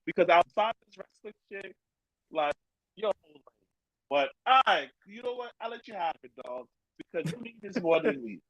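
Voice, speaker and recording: A man's voice: high voice, animated, moderate pace, a bit bright, no echo, muffled recording. A man who referees wrestling, a guest telling stories in a laid-back, slangy way. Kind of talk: casual chat.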